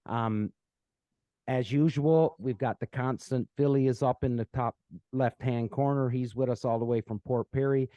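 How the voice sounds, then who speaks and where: A man's voice: mid-range voice, fairly even intonation, normal speed, dark tone, dry recording. A man hosting a podcast, chatting casually with many fillers and restarts, from Canada. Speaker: podcast host. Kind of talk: casual chat.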